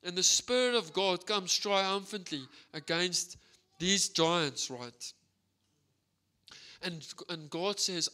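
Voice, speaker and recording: South African preacher, energetic storyteller, bright clear voice. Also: male voice, sits high, slow pace. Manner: energetic, animated storytelling with frequent "right?". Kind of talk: sermon.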